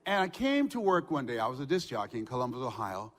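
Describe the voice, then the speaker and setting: An older man giving a motivational speech, telling stories with shouts and laughter. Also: medium pitch, quick pace. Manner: animated storytelling with shouts and laughs. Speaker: motivational speaker. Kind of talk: motivational speech to a live audience. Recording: hall reverb.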